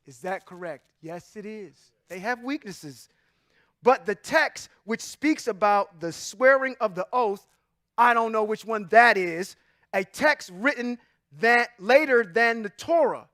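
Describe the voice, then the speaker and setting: High-pitched man teaching emphatically. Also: animated, a little slow, fairly bright tone, no room sound, studio quality. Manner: emphatic, rhetorical questions, chuckles often; informal, says y'all and come on now. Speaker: religious teacher. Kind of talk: Bible teaching to a group.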